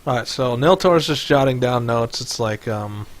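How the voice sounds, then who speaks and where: A man's voice: mid-range voice, animated, normal speed. A man running a tabletop game as game master over voice chat, rambling with many fillers. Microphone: headset or desk mic on voice chat.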